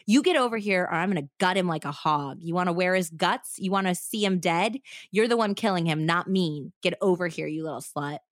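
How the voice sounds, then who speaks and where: A woman's voice: on the low side, fairly quick, hardly any pauses, no room sound, clean studio sound, lightly acted. A woman voicing a brutal, menacing woman who threatens a hostage, snarling her threats in a storybook reading.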